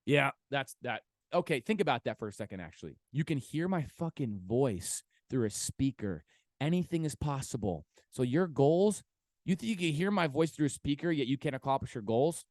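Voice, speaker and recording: Male solo podcast host, mid-pitched, casual and rambling, swears freely, lots of ums, bursts of hype, dry close sound. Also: expressive, brisk, darkish tone, no room sound.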